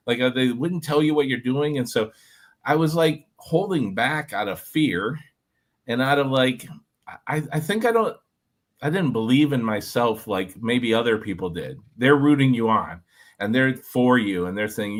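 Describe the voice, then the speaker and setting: A former reality show contestant, a man, telling an animated story to a group, talking with lots of fillers and "like". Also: medium pitch, normal speed. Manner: energetic, filler-heavy, lots of "like".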